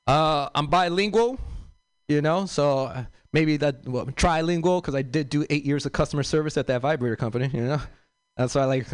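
Young LA comic, loose and rambling stand-up, smooth voice a touch high, dry close sound. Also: male voice, fairly quick, no room sound. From South Central Los Angeles. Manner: loose, rambling delivery with many fillers and asides. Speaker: stand-up comedian. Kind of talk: stand-up comedy set.

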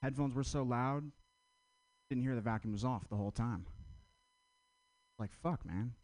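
A man doing stand-up at an open mic, delivering dry, quick one-liners. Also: medium pitch, a little mellow, no echo. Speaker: stand-up comedian.

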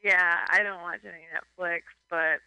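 A woman's voice: fairly low pitch, steady tone, normal speed, creaky, clear, resonant tone, no echo, dull audio. A woman hosting a casual radio chat, rambling with lots of "like" and acting out little scenes. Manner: rambling, heavy "like", acts out voices. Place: San Francisco.

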